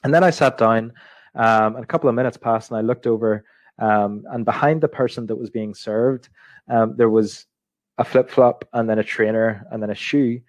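A man's voice: medium pitch, steady tone, moderate pace, no echo. A young adult man leading an intercultural communication session, talking thoughtfully with frequent ums and restating his points. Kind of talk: reflective teaching talk to an online group.

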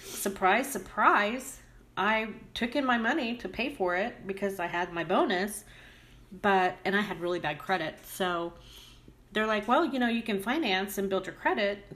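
A woman's voice: mid-range voice, moderate pace, fairly bright tone. A woman from Oklahoma, a guest friend on a podcast, talking in a blunt, matter-of-fact way. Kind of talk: casual chat.

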